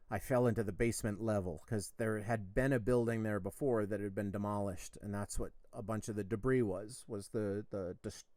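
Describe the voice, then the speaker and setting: A man's voice: fairly low pitch, a little mellow, no echo. A middle-aged man hosting a podcast, rambling through a personal story with lots of fillers and casual swearing. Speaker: podcast host.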